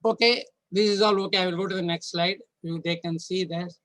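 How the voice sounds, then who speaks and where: A man giving an online training lecture to contest judges, stepping through slides point by point in a halting, instructive way. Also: sits high, steady tone, a bit bright, rough recording.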